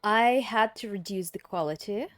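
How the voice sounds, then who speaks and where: A woman's voice: mid-range voice, normal speed. A woman giving casual, chatty commentary while playing a video game, reacting aloud and swearing now and then. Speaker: let's play gamer.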